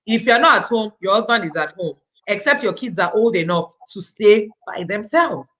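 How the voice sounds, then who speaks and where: A woman's voice: medium pitch, lively intonation, moderate pace, a bit bright, rough recording. A Nigerian woman in her thirties, an author speaking earnestly and animatedly at a virtual book event, dropping in Nigerian interjections as she talks.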